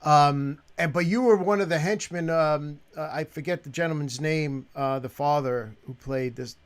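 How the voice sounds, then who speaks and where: A man hosting an interview show, asking questions haltingly with many restarts. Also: on the high side. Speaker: show host. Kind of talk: interview chat.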